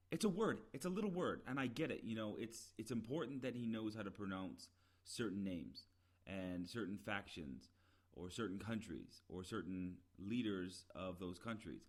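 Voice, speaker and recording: A man giving a rambling, opinionated solo commentary, with many "uh" fillers and emphatic, exasperated repetition. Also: on the low side. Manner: rambling, frequent "uh" fillers and restarts. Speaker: podcast commentator.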